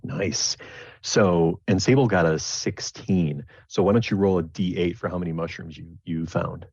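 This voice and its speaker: A man's voice: low voice, normal speed, a little mellow, breathy edge, dry recording. A man narrating a tabletop game as game master, rambling with many restarts. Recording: dull lo-fi dry recording.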